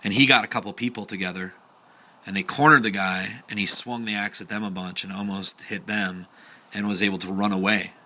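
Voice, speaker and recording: Bright-voiced young man telling a story. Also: fairly low pitch, fairly even intonation, brisk. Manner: chatty, acts out quoted voices, fillers like "like". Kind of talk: casual spoken storytelling.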